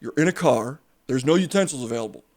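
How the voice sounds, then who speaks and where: A man voicing a pompous former small-town mayor who talks in a measured, debate-minded way. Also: medium pitch, expressive, darkish tone, lightly acted. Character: prim self-styled reasonable male ex-mayor.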